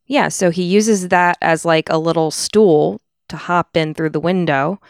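A woman's voice: on the low side, clean tone, no room sound, studio quality. A woman co-hosting a true-crime podcast, joking wryly and questioning the theories in casual chat. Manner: wry, joking, quick to question. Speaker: podcast co-host.

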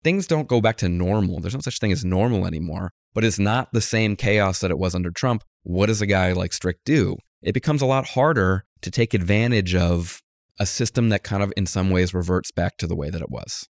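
A man with a fairly low voice, recorded close and dry with no room sound. He talks casually as a guest, telling an animated story and acting out the quotes of the people in it. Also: brisk, no echo. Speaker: guest author, political journalist. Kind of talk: conversational interview.

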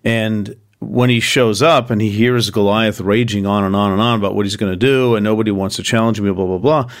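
A man's voice: lowish voice, steady tone, fairly quick. A man co-hosting a podcast, explaining in a conversational way, with easy laughs and verses read aloud. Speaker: podcast co-host. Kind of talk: casual explanatory chat.

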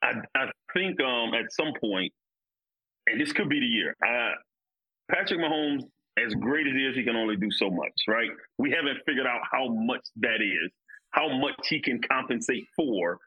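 A man's voice: medium pitch, lively intonation, moderate pace, breathy edge, dull audio. A man co-hosting a casual sports podcast, talking emphatically and repeating his points. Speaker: podcast co-host, former football player.

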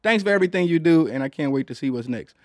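A man's voice: on the high side, lively intonation, quick pace, a little mellow, no echo. A man hosting a podcast, chatting in a loose, rambling, profane way with lots of fillers, recorded in a studio booth. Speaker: podcast host. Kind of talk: casual podcast chat.

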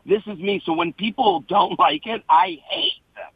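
A man's voice: sits high, normal speed, phone-quality sound. A male comedian guest in casual chat, talking in an earnest, emotional, rambling way.

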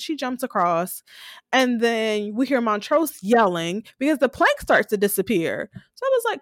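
A young woman co-hosting a casual recap podcast, retelling scenes with lively acted-out quotes. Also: mid-range voice, no room sound, studio quality. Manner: animated retelling, acting out characters' lines. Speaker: podcast co-host.

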